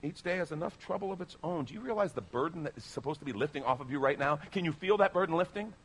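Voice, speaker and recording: A man's voice: quick pace, breathy edge. A man pastor delivering a sermon, speaking emphatically and persuasively to his congregation. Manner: animated, emphatic preaching with sweeping pitch.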